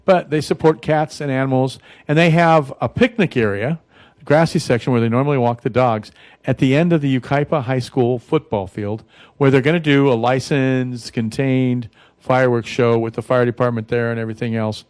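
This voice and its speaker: A man chats on a radio talk show in a folksy, rambling manner, full of fillers and restarts. His voice sits at an ordinary pitch for a man. It sounds dry and close on a studio microphone. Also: moderate pace, darkish tone, no room sound.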